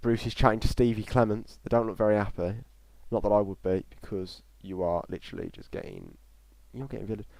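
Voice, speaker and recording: A man with a fairly low voice talks casually and bluntly as he hosts a live football reaction stream. He gives his opinions plainly and talks straight to the people watching. The sound is close and dry, with no room echo. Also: lively intonation, fairly quick, vocal fry, hardly any pauses, darkish tone.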